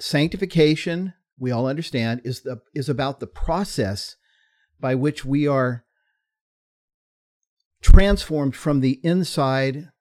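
A man with a mid-range voice co-hosts a faith podcast. He explains doctrine in conversation, measured and teacherly. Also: mid-range voice, darkish tone. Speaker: podcast co-host.

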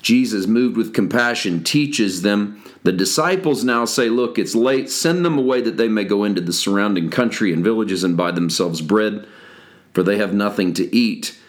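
A man's voice: lowish voice, moderate pace. A man giving a conversational devotional Bible teaching for a podcast, stopping now and then to correct himself and start over. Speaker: pastor.

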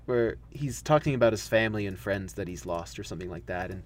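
A man co-hosting a casual podcast chat, animated and laughing often, slipping into playful quoted voices. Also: on the low side, quick pace, a little hiss or hum. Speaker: podcast co-host.

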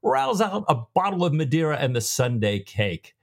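Guy doing a hearty sea captain, eager, bossy, pitched well up from his own voice. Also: big pitch swings, moderate pace, vocal fry, exaggerated voice. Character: Jack, hearty naval captain, warm and oblivious.

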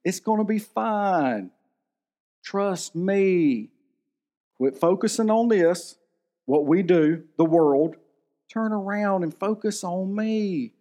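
A preacher putting on a laid-back, soothing Jesus. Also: male voice, high-pitched, darkish tone, voice pushed up. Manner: easygoing, casual and soothing. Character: laid-back reassuring Jesus, a calm man. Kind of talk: sermon anecdote.

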